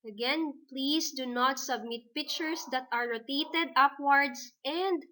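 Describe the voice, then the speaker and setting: A woman teacher with a Filipino English accent, dictating a recorded lesson slowly and deliberately. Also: high voice, pushed and bright, slight background noise.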